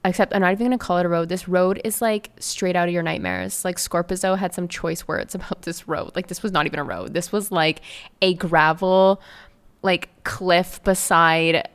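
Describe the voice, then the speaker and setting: A woman's voice: fairly low pitch, normal speed, clean tone. A young woman from Canada hosting her own podcast, telling a story in a chatty, effusive way with many fillers. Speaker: podcast host and life coach. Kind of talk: casual solo podcast storytelling.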